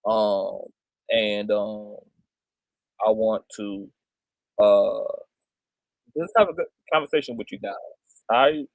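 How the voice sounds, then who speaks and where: Man imitating a bishop greeting his flock, deep, unhurried, drawn-out patter, dry close sound. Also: vocal fry, no room sound. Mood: welcoming. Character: smooth male bishop welcoming his livestream viewers.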